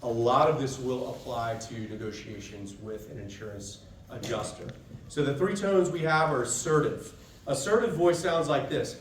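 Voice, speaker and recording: A man's voice: medium pitch, moderate pace, a little hiss or hum. A man giving a casual, conversational seminar talk to trade technicians, often checking in with "right?". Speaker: seminar presenter to dent repair technicians. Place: expo session room. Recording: echoey room, voice picked up from a distance.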